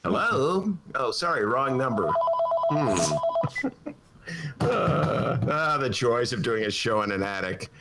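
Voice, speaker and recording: A man hosting a comic political talk show from his attic, sarcastic and animated, with a Chicago accent. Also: medium pitch, takes it slowly, background noise. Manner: sarcastic, animated, jumps between mock voices and asides. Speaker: podcast host. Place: home attic studio.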